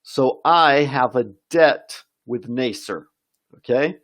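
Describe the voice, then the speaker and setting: A man's voice: medium pitch, slow, a bit bright. A man teaching an English vocabulary lesson on a live stream, reading viewer comments aloud and encouraging them.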